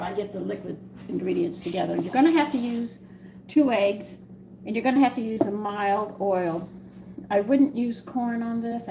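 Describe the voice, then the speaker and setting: A woman with a medium-pitched voice and a Southern US accent hosts a live-stream cooking demonstration from her home kitchen, with background noise behind her. She rambles chattily, talking to her viewers throughout.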